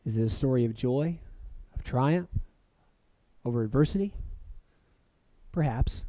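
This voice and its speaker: Reflective male preacher, dry mellow voice. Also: mid-range voice, expressive, measured pace, dry recording. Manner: reflective, with soft dropping phrase ends and sudden lifts. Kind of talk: sermon.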